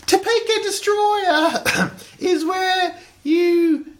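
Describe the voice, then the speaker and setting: A woman's voice: very high-pitched, extremely slow, voice pushed up, full character voice. A woman putting on an exaggerated mock British accent, playing a brash, silly British lady. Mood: bawdy.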